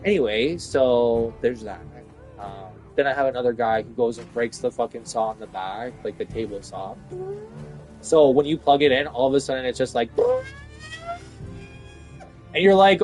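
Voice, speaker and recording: A man's voice: fairly high pitch, animated, moderate pace, soft background music. A man in a casual, profane rant about his workplace, exasperated and rambling, with lots of fillers. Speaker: vlogger venting about work.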